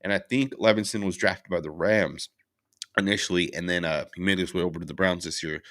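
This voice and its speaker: Deep, bright-voiced man ranting about football. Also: steady tone, fairly quick. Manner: frustrated, rambling with fillers and restarts. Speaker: sports channel host. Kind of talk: casual post-game recap, reading chat.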